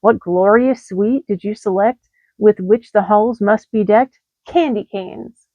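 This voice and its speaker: A woman reading rhyming holiday letters aloud in a lively sing-song delivery. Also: medium pitch, a little slow, dry recording, highs cut off. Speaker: storyteller.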